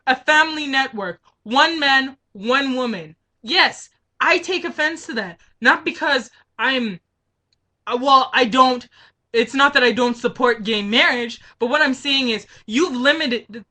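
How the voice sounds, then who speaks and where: A woman's voice: high-pitched, bright, forceful tone. A woman venting to camera in a political rant, heated and frustrated, firing off rhetorical questions. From Canada. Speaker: vlogger.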